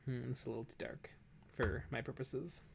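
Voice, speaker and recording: A man's voice: medium pitch, fairly even intonation, moderate pace, creaky, very noisy. A man co-hosting a painting livestream, chatting casually and thinking aloud as he paints. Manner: chatty, musing aloud while painting, joking. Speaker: co-host of a painting stream. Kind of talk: casual chat while painting miniatures.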